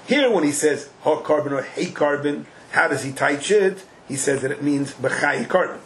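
A man giving a Talmud class, chanting the quoted text in an animated sing-song. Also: on the high side, moderate pace, a little hiss or hum, low-quality recording. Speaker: Talmud teacher.

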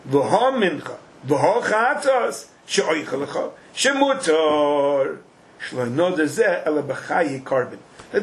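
A man giving a Talmud class, chanting the quoted text in an animated sing-song. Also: on the high side, poor audio. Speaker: Talmud teacher.

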